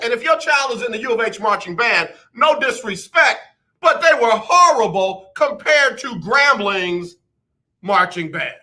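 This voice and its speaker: A man's voice: sits high, animated, unhurried, sharp tone. A man hosting a radio show, talking emphatically and dropping into mock quotes of other people. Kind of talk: animated radio talk monologue.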